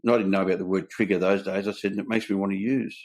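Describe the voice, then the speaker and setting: Deep-voiced and a little mellow, with little pitch movement, an older Australian man speaks rapid-fire as host of a candid conversation. He's earnest and blunt, telling his own recovery story with quoted dialogue.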